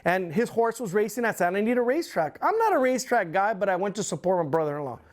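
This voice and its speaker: A middle-aged man, a guest in an interview, tells a long story in casual, profane, rambling speech with lively retellings. His voice sits high and he talks at a quick pace.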